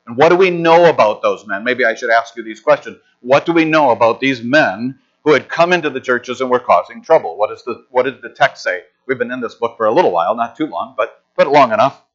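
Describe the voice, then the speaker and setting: A middle-aged man delivers a sermon in an easy, conversational manner, drifting into stories and restarting his sentences. His voice sits at an ordinary pitch for a man. The recording sounds slightly muffled and lo-fi. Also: expressive, brisk, hardly any pauses. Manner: conversational, anecdotal preaching with frequent restarts. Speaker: pastor.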